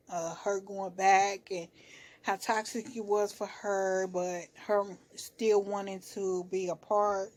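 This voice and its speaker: A woman chatting casually as she recaps a reality show episode, slangy and animated, often dropping into voices for the people she quotes. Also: mid-range voice. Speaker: TV recap vlogger.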